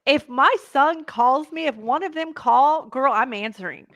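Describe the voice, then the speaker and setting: A woman's voice: high-pitched, measured pace, a crowd in the background. Laughing middle-aged woman on a headset. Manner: laughs often, animated storytelling. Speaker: podcast co-host. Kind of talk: casual chat. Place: home, on a call.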